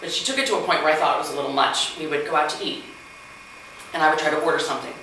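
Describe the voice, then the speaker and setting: Woman comic in her forties, low-pitched, chatty with fillers, very echoey room, far from mic. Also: fairly even intonation, racing, sharp tone, slight background noise. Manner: chatty, self-deprecating, full of fillers and acted-out quotes. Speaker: stand-up comedian. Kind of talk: open mic stand-up. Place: mansion room at an open mic.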